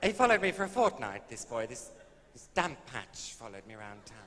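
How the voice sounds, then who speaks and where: A camp comedian spins his tale on stage in a dry, arch voice full of innuendo. His voice sits at an ordinary middle pitch and rings with the long echo of a hall. A faint hiss lies under this old live recording. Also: big pitch swings, fairly quick, fairly bright tone. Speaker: stand-up comedian. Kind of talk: camp stand-up storytelling.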